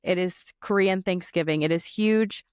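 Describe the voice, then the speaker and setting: A woman's voice: lowish voice, moderate pace, clean tone, dry recording, clean studio sound. A young woman hosting a podcast, telling a crude comic story in casual chat, a little tipsy from wine. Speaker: podcast host.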